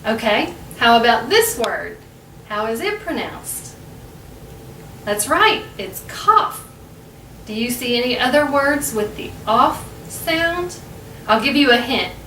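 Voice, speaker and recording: A woman with an American accent teaching English pronunciation as host, patiently and clearly, lifting her voice on key words. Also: on the high side, sing-song, a little slow, a bit bright, echoey room, far from the mic, slight background noise, poor audio. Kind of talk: slow, clear teaching narration.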